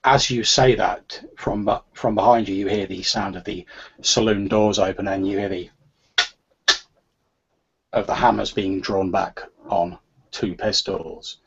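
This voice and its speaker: A man narrating a tabletop game as game master, describing scenes in a measured way. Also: sits low, steady tone, creaky, husky. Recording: lo-fi online call audio.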